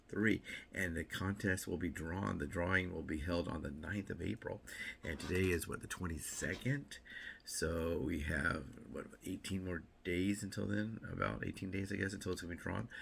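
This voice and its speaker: A man's voice: low-pitched, gravelly, a bit bright, a little hiss or hum. A man vlogging in a casual, rambling way, repeating himself and tossing in joking asides. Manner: rambling, chatty, self-interrupting with repeats and fillers. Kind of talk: casual morning vlog chat.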